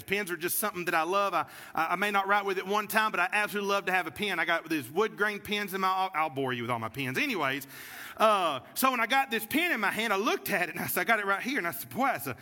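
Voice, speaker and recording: A high-pitched man with a very bright, cutting voice preaches a sermon. He tells a story, then rises into fervent preaching. The long reverb of the church sanctuary trails after his words. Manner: storytelling, builds to preaching fervor. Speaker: pastor.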